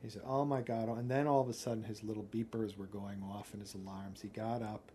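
A man tells what he witnessed in a plain, direct interview recollection, acting out his own quoted words. His voice sits somewhat low. A faint hiss of noise sits underneath. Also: level tone, a little fast, dark tone. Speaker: eyewitness.

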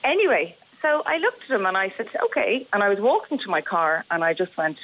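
An Irish woman in her thirties, calling a radio phone-in and telling a story with lively energy and frequent laughs. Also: mid-range voice, a little fast, few pauses. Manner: animated storytelling, laughs often. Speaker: caller. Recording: muffled phone-in line on radio.

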